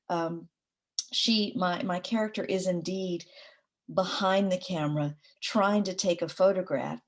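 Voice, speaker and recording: A middle-aged woman poet talking in a reflective conversation, thoughtful, with many pauses and fillers and easy laughter. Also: lowish voice, darkish tone. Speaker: poet, interview guest.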